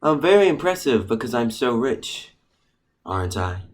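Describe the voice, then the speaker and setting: A man's voice: mid-range voice, very animated, normal speed, close to an everyday voice. A man voicing a lovesick rich young man with a put-on posh manner in a student comedy play, breezy and smug.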